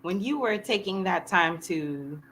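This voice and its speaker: A woman hosts a casual podcast chat, calling her guest "girl" and "honey". Her voice is bright and sits at a middling pitch, and it swings up and down a great deal. A faint hiss sits under the recording. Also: animated, measured pace. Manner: warm, laughing, playful "girl" and "honey" banter. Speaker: podcast host.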